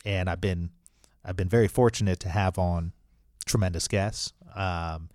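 A man's voice: low-pitched, steady tone, a little slow, darkish tone, no echo, clean studio sound. A man talking as a guest on an interview podcast, explaining things earnestly and often restarting his sentences. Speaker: franchise attorney and podcast host.

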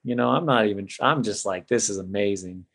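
A man's voice: fairly low pitch, brisk, creaky, fairly bright tone. A middle-aged man telling an emotional personal story in a casual, heartfelt way as a podcast guest. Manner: casual, emotional, says "man" and "bro" a lot.

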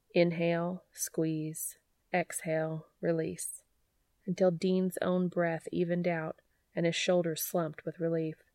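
A woman narrating a fan fiction audiobook in an even, unhurried, quiet reading voice. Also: lowish voice, no echo, clean studio sound. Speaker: podfic reader.

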